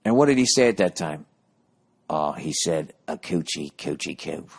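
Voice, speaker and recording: A man's voice: extremely low pitch, lively intonation, moderate pace, vocal fry, husky, pitched below the performer's own voice, full character voice. A man doing a grumbling English bar patron. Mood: aggrieved. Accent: put-on English.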